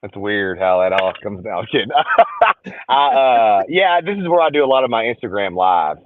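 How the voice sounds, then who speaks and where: A man's voice: on the low side, animated, normal speed, background noise. Joking man on a tinny phone line. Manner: joking, storytelling, acts out other people's voices. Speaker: podcast guest, social media creator. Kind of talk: casual chat. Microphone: phone call.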